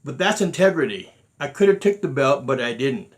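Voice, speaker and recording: A man's voice: medium pitch, lively intonation, normal speed. A middle-aged man, a martial arts grandmaster, telling stories in earnest with many restarts and quoted exchanges. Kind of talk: unscripted talk to students.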